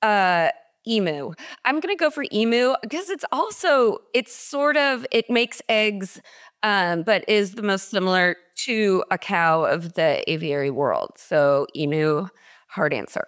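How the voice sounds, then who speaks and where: A woman's voice: medium pitch, animated, a little slow, a bit bright. A woman on a comedy podcast panel, talking casually in hesitant, trailing thoughts full of ums.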